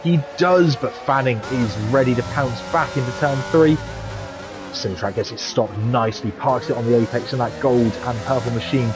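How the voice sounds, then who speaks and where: A man doing lively play-by-play commentary for a sim racing league, chatty and quick to pull his co-host in. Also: mid-range voice, over music. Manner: chatty, excitable, asks co-host questions. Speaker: lead race commentator. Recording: noisy game car engine sound behind. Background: racing game engine noise.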